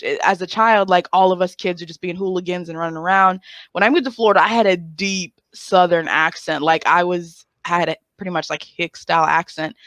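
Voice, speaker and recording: Woman guest, lively storyteller, bright dry voice. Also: lowish voice, dry recording. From United States, grew up in Arkansas. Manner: animated storyteller, acts out quoted voices. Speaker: podcast guest. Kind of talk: casual chat.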